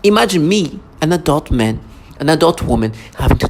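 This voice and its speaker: A man's voice: on the high side, very animated, a little fast. A man in an angry vlog monologue, ranting and agitated, stumbling over restarts. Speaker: vlogger. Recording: noisy recording.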